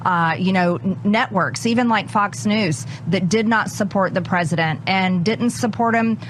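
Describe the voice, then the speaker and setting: A woman's voice: mid-range voice, normal speed, background noise. A woman politician giving a TV news interview, pressing her points hard and repeating them for emphasis.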